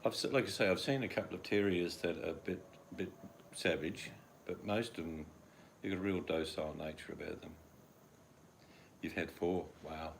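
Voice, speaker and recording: A man's voice: sits low, normal speed, creaky, a little hiss or hum. An older man with an Australian accent chatting casually at home, rambling and acting out his dogs in quoted voices. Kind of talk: casual chat.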